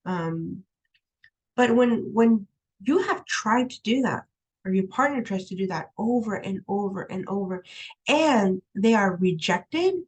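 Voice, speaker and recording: Her voice is medium-pitched, expressive, and husky, moving at a measured pace through poor audio. A young adult to middle-aged college instructor with a young daughter, she records an online lecture from her home room, chatting conversationally with lots of "um" and "right?" and laughing readily.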